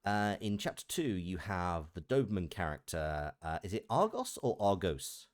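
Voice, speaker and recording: A man with a Merseyside accent talks casually and thoughtfully, working through his ideas out loud. His voice sits very low. The sound is dry and close, with no room around it. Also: lively intonation, moderate pace, smooth, dry recording. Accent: Merseyside English. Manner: thoughtful, explanatory. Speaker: voice actor. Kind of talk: casual chat on a live stream.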